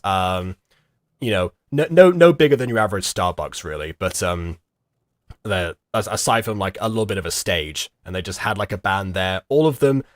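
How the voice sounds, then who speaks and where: A young man giving rambling, halting reaction commentary with lots of fillers and giggles. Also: fairly low pitch, dry recording, studio quality. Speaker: streamer reacting to a video.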